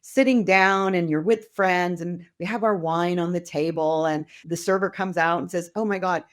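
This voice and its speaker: A middle-aged woman with a fairly low, steady voice speaks at a moderate pace as a guest on a podcast, where she's a wealth mentor. The interview is casual and conversational, and she talks with enthusiasm, often acting out the voices of people she quotes.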